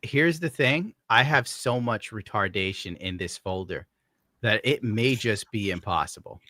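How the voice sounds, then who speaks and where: A man's voice: fairly low pitch, lively intonation, measured pace, pushed and bright, dry recording, clean studio sound. A man hosting a live stream, chatting sarcastically and reading out viewer donations. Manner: sarcastic and mocking, reads out donations. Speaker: streamer host. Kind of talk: casual stream commentary.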